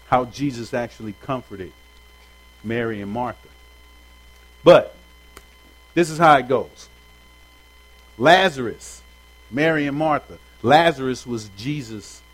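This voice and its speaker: A man's voice: medium pitch, breathy edge, rough recording. A man leading an informal Bible study for a group, talking in a loose, conversational way with slang and asking his listeners questions directly. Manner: chats directly with the audience.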